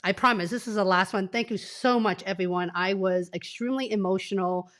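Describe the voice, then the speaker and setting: A career coach in her forties streams live from her home office through a desk mic, her mid-range voice a little fast and a bit bright. She's sick, sniffly and close to tears, addressing her viewers directly in an effusive, emotional way.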